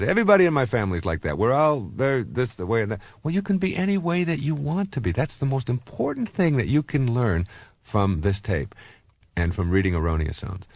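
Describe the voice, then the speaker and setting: A man's voice: medium pitch, no echo. A middle-aged man giving a recorded self-help talk, telling personal stories conversationally with frequent fillers and restarts.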